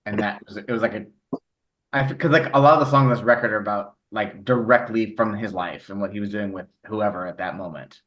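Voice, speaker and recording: A man's voice: fairly low pitch, fairly quick, a bit bright. Blunt, opinionated man in casual chat. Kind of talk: casual chat about music.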